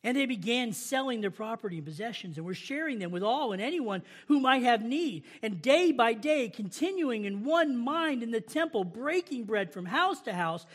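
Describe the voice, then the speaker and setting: A man preaching a sermon in a notably high voice. He keeps it conversational, asking the congregation question after question and acting out their protests before answering them. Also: animated, normal speed, hardly any pauses, a bit bright. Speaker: pastor.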